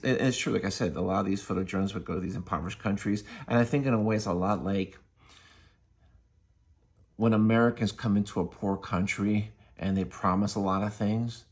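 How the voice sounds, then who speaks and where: A man's voice: fairly low pitch, husky. A man casually retelling a comic book story in a rambling way, full of fillers. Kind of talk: casual spoken review.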